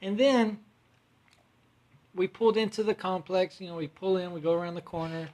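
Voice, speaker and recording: A man's voice: high voice, moderate pace, a little mellow. A man hosting a podcast from home, telling a long story in a rambling, profane, casual way. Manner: rambling, profane, restarts often. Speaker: podcast host.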